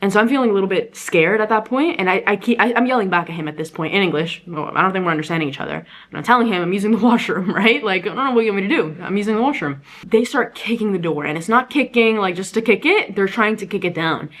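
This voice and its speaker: A young woman travel vlogger telling a story in a casual, animated, rambling way, often restarting her sentences. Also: mid-range voice, fast talker, hardly any pauses. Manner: animated, rambling, frequent self-corrections.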